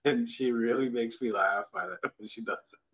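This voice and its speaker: A man's voice: medium pitch, moderate pace, a bit bright, low-quality recording. A man in his thirties, a podcast guest, chatting casually with teasing humor about family. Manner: joking, teasing storyteller. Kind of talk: casual chat.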